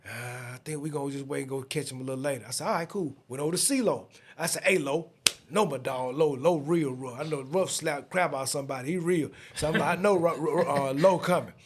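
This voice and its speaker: A man in his fifties with a Southern US accent, a podcast guest telling a story in a casual, lively way and acting out the other people in it. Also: on the high side, fast, a little hiss or hum. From Atlanta, USA.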